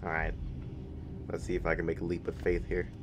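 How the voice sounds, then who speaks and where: A young man giving jokey horror game commentary, taunting the game and bursting into high yells. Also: monotone, brisk, noisy background. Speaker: gaming streamer.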